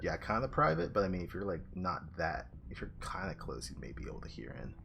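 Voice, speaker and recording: A man's voice: low voice, wildly swooping pitch, quick pace, creaky, a crowd in the background. A man playing a tabletop game, casually rambling through his character's plans. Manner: rambling, casual, many fillers. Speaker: player.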